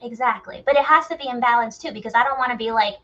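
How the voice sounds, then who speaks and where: A woman in a candid group discussion, talking bluntly and animatedly and questioning herself out loud. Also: fairly high pitch, fast, highs cut off.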